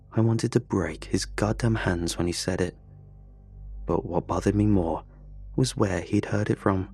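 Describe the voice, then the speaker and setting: A man narrating a first-person horror story with a low, husky voice. He tells it in a tense, confessional way, as if still shaken by it. Soft music runs quietly in the background.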